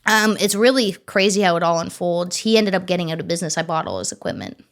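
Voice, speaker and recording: A woman in her thirties, a farmer talking as an interview guest in an animated, chatty way, swearing casually and acting out bits of dialogue. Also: on the low side, quick pace. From Ontario, Canada.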